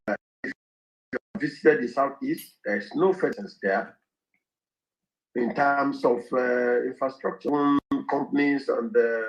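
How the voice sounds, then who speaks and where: A man making a formal argument in a played clip, laying out his points in measured lists. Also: medium pitch. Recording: dull lo-fi clip.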